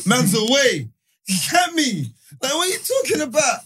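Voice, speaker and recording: A man, telling stories in casual podcast banter, animated and laughing, thick with slang. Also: very high-pitched, moderate pace, background noise. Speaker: podcast co-host.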